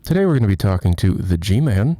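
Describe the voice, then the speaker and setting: A man putting on a loud, announcing public-radio host voice to open a mock interview. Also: fairly low pitch, very animated, a little fast, no echo, studio quality.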